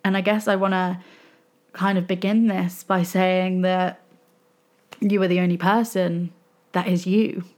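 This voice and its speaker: A woman's voice: fairly low pitch, flat delivery, unhurried, long pauses, a little mellow. Chatty young woman podcasting. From England. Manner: chatty, rambling, self-reflective, frequent "like"s. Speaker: podcast host. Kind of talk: casual solo podcast monologue.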